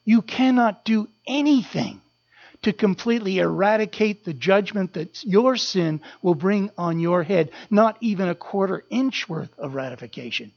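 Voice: medium pitch, expressive, moderate pace, gravelly. Impassioned preacher, slightly dull recording. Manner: impassioned, repetitive, swelling then dropping to a hush. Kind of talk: sermon.

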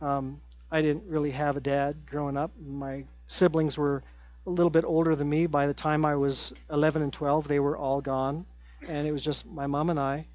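A middle-aged man preaching a sermon in an earnest way, repeating his key phrases and dropping his voice to a hush at times. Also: a little high, flat delivery, normal speed, no echo, highs cut off. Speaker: pastor.

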